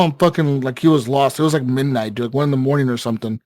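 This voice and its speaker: A man's voice: medium pitch, steady tone, fast, darkish tone, no room sound. A man casually telling a long story on a gaming podcast, rambling with lots of fillers and swearing. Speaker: podcast co-host.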